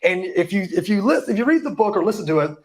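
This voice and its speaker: A man's voice: high voice, very animated, fast talker. A man giving a live motivational talk to an audience, hyped and profane, tripping over words now and then. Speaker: motivational speaker.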